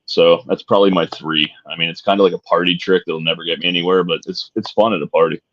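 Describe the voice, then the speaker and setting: Middle-aged male co-host, very low and easygoing, swears freely and jokes, muffled lo-fi audio. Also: steady tone, quick pace, fairly bright tone. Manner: laid-back and profane, jokey. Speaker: podcast co-host. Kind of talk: casual chat. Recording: dull lo-fi sound.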